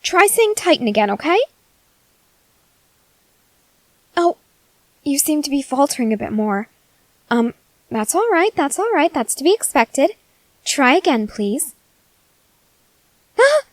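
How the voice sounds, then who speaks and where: A woman's voice: high-pitched, big pitch swings, a little slow, pauses often, dry recording, rough recording. A woman playing Hanji Zoë, gushing mad scientist. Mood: patient. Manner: gushing, coaxing, cheerfully unsettling. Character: eccentric excitable female scientist, creepily sweet. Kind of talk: ASMR role-play.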